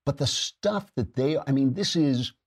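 A man hosting a political talk show, sarcastic and mocking, with a slightly husky voice. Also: mid-range voice, animated, measured pace.

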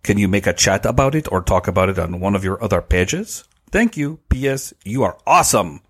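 A polite listener with a hammed-up French accent, put on by a man, asking a question in a low, husky voice. The accent is exaggerated and theatrical. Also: lively intonation, fairly quick, a bit bright. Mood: mock polite. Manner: reading a question in a mock accent.

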